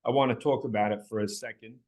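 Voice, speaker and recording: A man's voice: fairly even intonation, fast, a little mellow. A man teaching a Bible class, passionate, his voice leaping up when he quotes a plea, often repeating words and restarting. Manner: passionate, voice leaps high when quoting pleas. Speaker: Torah teacher.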